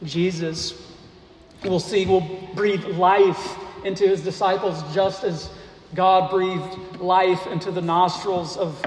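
A pastor delivers a sermon in a church sanctuary, preaching slowly and deliberately with rhetorical questions. His voice is high-pitched and steady, recorded in an echoey hall with faint noise.

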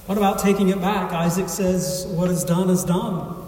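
An earnest man preaches a sermon in a fairly high voice, leaning into his points with dramatic pauses. He sounds set back from the microphone, and his words ring through a large, echoing church sanctuary. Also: steady tone, a little mellow, slight background noise. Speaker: pastor. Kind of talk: sermon with scripture reading. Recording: echoey hall, voice from far off.

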